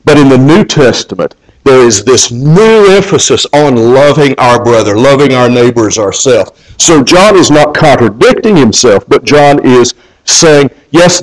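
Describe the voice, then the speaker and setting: A man's voice: mid-range voice, low-quality recording. Earnest male pastor preaching. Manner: earnest, repeats words when restarting. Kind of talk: sermon.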